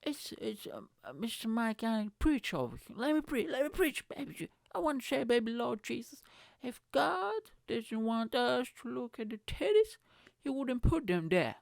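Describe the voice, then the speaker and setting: A man putting on the voice of a fired-up male street preacher, with a loud preaching cadence and drawn-out exclamations. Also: very high voice, very animated, vocal fry, no echo, studio quality, pitched above the performer's own voice, heavily acted. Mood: preachy. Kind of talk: comedic impression in a podcast rant.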